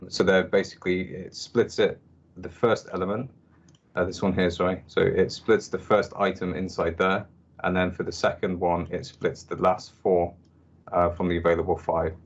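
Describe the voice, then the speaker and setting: A man walking through a code sample on a screen-share call, halting, with many restarts and fillers. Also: deep voice. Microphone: computer mic on a video call. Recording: dull video-call audio with typing.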